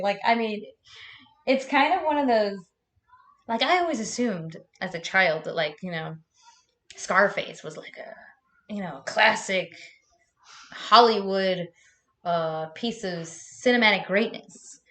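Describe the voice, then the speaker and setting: A woman's voice: on the high side, animated, measured pace, long pauses, fairly bright tone. A young woman chatting casually on a live stream, laughing often and swearing freely.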